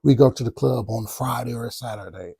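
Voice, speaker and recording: Male podcast host, dark and mellow, animated storyteller who does his own sound effects. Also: medium pitch, fairly quick, vocal fry, husky, no echo, clean studio sound. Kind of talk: casual storytelling.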